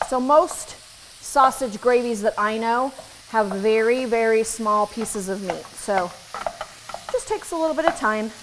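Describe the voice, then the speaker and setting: Woman chef, slightly high voice, casual and joking, cooking demo with clear frying noise behind. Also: a little slow. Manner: chatty and joking, with asides to viewers. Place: kitchen at the stove. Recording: sizzling pan noise behind the voice.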